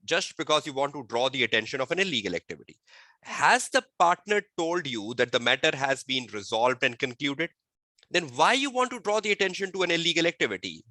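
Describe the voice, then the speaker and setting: A male audit tutor giving an online exam-prep lecture, repeating key phrases and quizzing his listeners, slowing to a dictation pace to state the rules. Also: medium pitch, pushed and bright, no room sound. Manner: slow dictation-like delivery when stating rules. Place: webinar.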